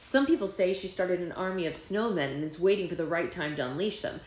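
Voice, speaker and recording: A woman's voice: fairly low pitch, fairly quick, darkish tone, reverberant, natural voice. A woman reading as a boy telling a legend. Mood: storytelling. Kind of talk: read-aloud storybook voice.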